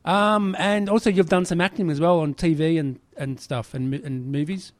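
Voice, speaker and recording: A man's voice: a little high, fairly even intonation, moderate pace, no echo. A man hosting a casual tech podcast, eager and prone to repeating himself. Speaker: podcast host.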